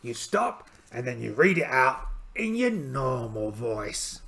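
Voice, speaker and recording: A man with a gravelly, creaky voice plays a solo tabletop game aloud and explains the rules as he goes. His pitch sits in an ordinary middle range for a man. He talks in a chatty, rambling way and pokes fun at himself often. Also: sing-song, takes it slowly, fairly bright tone. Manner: chatty, rambling, self-deprecating. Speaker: solo game player and channel host.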